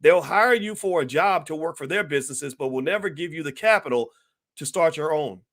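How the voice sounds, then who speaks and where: Man, fiery direct-to-camera commentary, rambling, preachy, higher voice. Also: lively intonation, a little fast, fairly bright tone. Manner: heated, preachy, rambling, talks to viewers directly.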